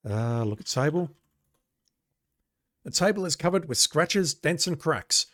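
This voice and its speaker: Man doing game commentary, wry and sarcastic, lively pitch, dry close sound, typing heard. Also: unhurried, no room sound. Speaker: let's play gamer. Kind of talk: casual game commentary, reading game text aloud.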